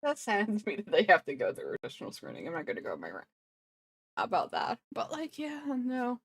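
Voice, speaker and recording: A woman's voice: mid-range voice, huge pitch swings, fairly quick, gravelly, a bit bright, slightly rough. A woman livestreamer chatting casually, rambling and thinking aloud as she reacts to clips. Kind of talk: casual reaction stream chat.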